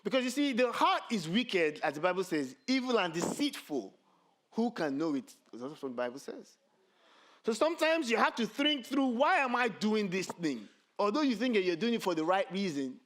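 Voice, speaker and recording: Lively pastor preaching. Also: male voice, a little high. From Nigeria. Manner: animated, self-mocking humor, rhetorical "you see". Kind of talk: sermon.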